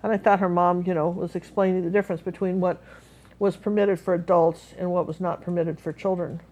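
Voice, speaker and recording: A woman with a somewhat low voice leads a live painting lesson. She chats and tells stories as she paints, rambling with plenty of fillers and restarts. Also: fairly even intonation, brisk, a little mellow, highs cut off. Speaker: painting teacher. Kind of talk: live painting class, chatty storytelling.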